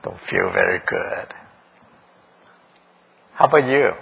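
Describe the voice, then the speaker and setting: A man's voice: medium pitch, huge pitch swings, slow, vocal fry, breathy edge, muffled recording. A man preaching a sermon in a church, questioning the congregation, repeating their answers and chuckling often. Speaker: pastor. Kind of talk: interactive sermon.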